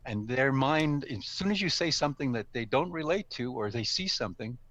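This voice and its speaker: A man of middle pitch gives friendly, unscripted advice on public speaking. He talks conversationally, pausing with ums and correcting himself as he goes. He comes across as an older, experienced speaker. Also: animated, a bit bright. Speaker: guest speaker, speaking coach. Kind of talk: casual instructional talk. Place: live stream studio or room.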